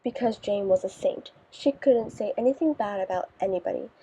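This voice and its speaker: A woman narrating a first-person audiobook in a wry, deadpan manner. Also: medium pitch, fairly quick, slight background noise. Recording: dull lo-fi recording.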